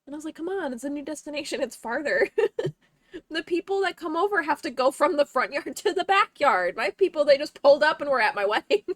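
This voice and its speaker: A woman's voice: sits high, animated, a little fast, a bit bright, no echo. A young woman streaming from home, chatting casually with her viewers, swearing freely and breaking into laughter. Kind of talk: casual livestream chat.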